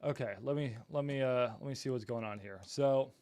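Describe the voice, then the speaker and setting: A man's voice: medium pitch, fairly quick, a little mellow, clear, resonant tone, no echo. Flustered man hosting a livestream. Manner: flustered, apologetic, talks to chat. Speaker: livestream host. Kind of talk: casual livestream chat.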